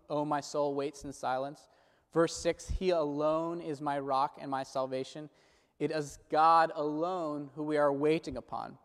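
A man preaching a sermon in a measured, earnest way, slowing down when he quotes prayers and scripture. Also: fairly high pitch. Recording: long hall reverb.

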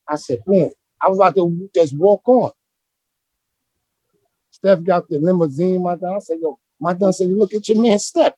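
High-voiced New man telling stories. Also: husky, no echo. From Brooklyn, New York. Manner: animated, slangy, rambling street talk. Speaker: interview guest, former street basketball player. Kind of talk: casual storytelling interview.

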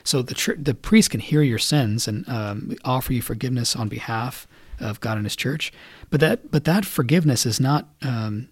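A man, a priest, retelling a saint's story to young listeners in a casual, animated way, then explaining its lesson. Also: medium pitch, normal speed, breathy edge, no echo. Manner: conversational, animated retelling with fillers.

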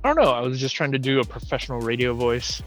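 A man co-hosting a casual comics podcast, speaking in a hushed, low-key way and often breaking into laughter. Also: fast talker, soft background music. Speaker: podcast co-host. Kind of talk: casual chat.

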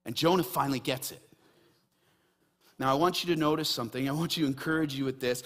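A man delivers a sermon from the pulpit, his fairly high voice climbing when he drives a point home. Then he drops to a quieter, earnest tone for the appeal to his listeners. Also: normal speed. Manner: animated preaching, rising and dropping to quiet emphasis. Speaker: pastor.

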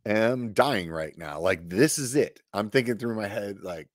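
A middle-aged man telling a story casually on a podcast, animated, with lots of filler words and cursing. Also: lowish voice, measured pace, no room sound, clean studio sound. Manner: animated, swearing, many "like" fillers. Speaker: podcast guest.

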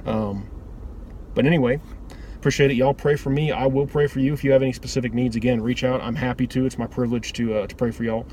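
A man's voice: mid-range voice, steady tone, fast, darkish tone, slight background noise. A man giving an earnest, informal devotional talk that often loops back and restarts its phrases. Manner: earnest, rambling with repeated restarts. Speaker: preacher.

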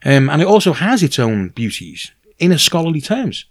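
A Welsh man being interviewed as a novelist, speaking in a lively, earnest way with many restarts. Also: a little high, moderate pace. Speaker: novelist guest. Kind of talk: casual conversational interview.

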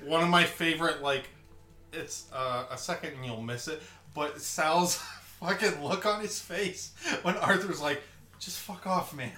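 A man's voice: fairly high pitch, unhurried, pushed and bright. A man co-hosting a podcast, casually retelling movie scenes and swearing. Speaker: podcast co-host. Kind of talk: casual chat. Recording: echoey room.

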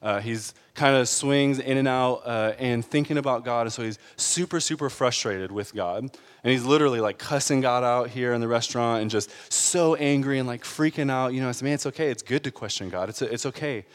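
A man's voice: medium pitch, normal speed, clean tone, long reverb tail. A man preaching a sermon in an earnest, conversational way, building to emphatic peaks. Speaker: pastor.

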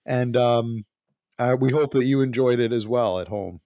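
A man co-hosting a podcast in casual chat, talking in halting, rambling restarts. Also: mid-range voice, warm tone, dry recording. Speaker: podcast co-host.

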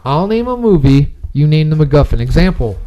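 Lively man hosting a movie quiz. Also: on the high side, brisk, dull audio, slight background noise. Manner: animated, reads clues playfully. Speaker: quiz host. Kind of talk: casual game among friends.

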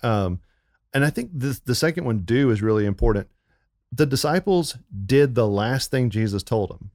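A man on the church staff, co-hosting a casual faith podcast in an animated, upbeat way, with lots of fillers. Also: medium pitch, moderate pace, no echo, clean studio sound.

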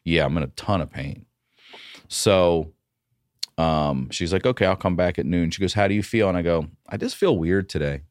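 A man, a comedian guest on a podcast, telling a story in a casual, profane and animated way. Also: low voice, moderate pace, dry recording, clean studio sound.

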